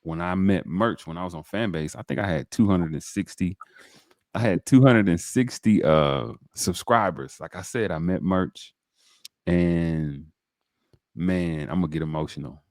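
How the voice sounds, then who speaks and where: Deep voiced guy hosting a podcast, all fired up, talks right to the viewers, dry mic. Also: a little slow, dry recording. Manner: animated, preacher-like, addresses viewers directly. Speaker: podcast host. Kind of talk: enthusiastic interview talk.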